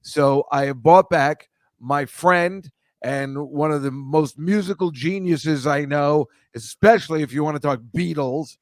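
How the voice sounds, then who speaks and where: Slightly high and a little slow, this middle-aged podcast host's voice comes through close and dry with no echo. He's chatty and rambling during a casual livestream, joking around with the chat.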